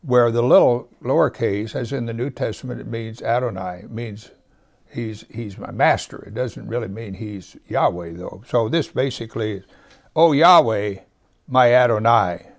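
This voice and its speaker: Slow and deliberate, this gravel-edged pastor teaches from the Bible in a medium pitch. Verses he reads aloud get heavy emphasis, and sometimes his voice falls to a near whisper.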